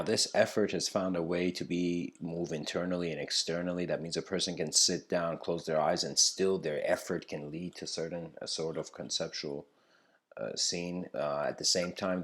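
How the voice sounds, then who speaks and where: Low-voiced man giving a loose spoken lecture. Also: fairly even intonation, moderate pace, creaky, a bit bright. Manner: loose, filler-heavy, with frequent "you know". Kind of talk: improvised spoken lecture with storytelling.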